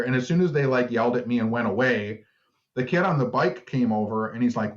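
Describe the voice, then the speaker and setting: A man's voice: mid-range voice, brisk. A man co-hosting a podcast, with a Detroit accent, telling a story in loose casual chat. He swears freely and acts out the people he quotes. The sound is a bit dull and lo-fi. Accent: Detroit, Michigan. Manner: swearing storyteller, animated quoting. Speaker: podcast co-host.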